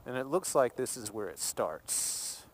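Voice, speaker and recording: A man's voice: mid-range voice, big pitch swings, unhurried, slight background noise. Chatty man vlogging from his car. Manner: chatty, rambling, jokey, laughs easily. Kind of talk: casual rambling vlog while driving. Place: in a car, driving.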